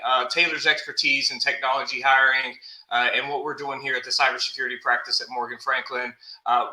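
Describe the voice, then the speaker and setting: A man speaking as a guest on a live web show, measured and businesslike. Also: mid-range voice, pushed and bright, reverberant, rough recording. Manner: measured, businesslike, many fillers. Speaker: guest, consulting firm co-founder.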